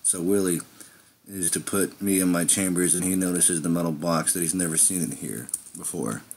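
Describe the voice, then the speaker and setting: A man's voice: low voice, normal speed, creaky, a little mellow, slight background noise. A man telling an improvised first-person story in a rambling way, with slips and restarts.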